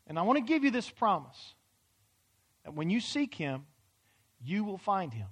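A man preaching a sermon in a church, acting out pleading prayers and swinging from loud, urgent questions to hushed near-whispers. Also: high voice, big pitch swings, normal speed. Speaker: pastor. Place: church hall.

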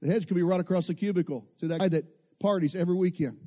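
A man preaching a sermon, telling stories and building to impassioned, loud peaks. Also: high voice, very fast.

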